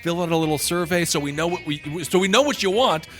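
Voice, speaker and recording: A man's voice: fairly high pitch, quick pace. A man hosting a comedy podcast, casual and loose, laughing often, with music beneath. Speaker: podcast host.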